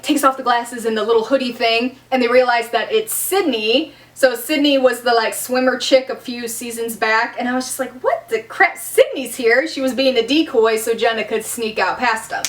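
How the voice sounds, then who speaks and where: A young woman giving a casual, excitable recap of a TV episode, laughing often and acting out scenes. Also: fairly high pitch, recorded from a distance. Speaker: vlogger.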